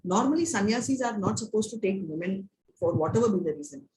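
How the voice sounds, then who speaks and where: A woman's voice: mid-range voice, lively intonation, fast, darkish tone. A woman with an Indian English accent teaching a devotional scripture class, telling stories and often tagging lines with "right?" and "you know". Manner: storytelling, frequent "right?" and "you know" tags. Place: temple class room. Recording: echoey room with faint noise.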